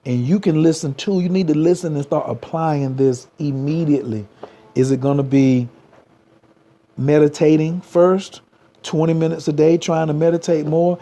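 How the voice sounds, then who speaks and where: Mellow-voiced man preaching slogans on a livestream. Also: a little high, fairly even intonation, moderate pace, muffled recording. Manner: preachy, repeats slogans, urges viewers to type. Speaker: spiritual life coach. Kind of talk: livestream motivational talk.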